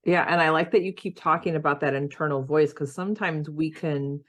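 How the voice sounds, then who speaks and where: A woman's voice: sits low, steady tone, fairly quick, a bit bright. A woman hosting a podcast, affirming her guest's points and asking follow-up questions. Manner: affirming, encouraging interviewer. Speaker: podcast host. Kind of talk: interview questions.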